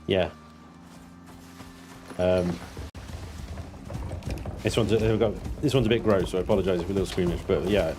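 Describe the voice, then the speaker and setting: Low-voiced man streaming a game. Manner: chatty, swears casually, reads out chat. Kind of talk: casual gaming stream chat. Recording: clear background noise.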